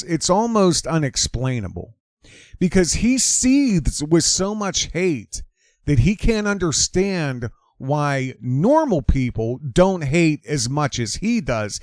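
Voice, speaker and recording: A man's voice: fairly high pitch, a little mellow, no echo, studio quality. A man hosting an opinionated commentary monologue, emphatic and repeating his lines for effect. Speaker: commentary channel host.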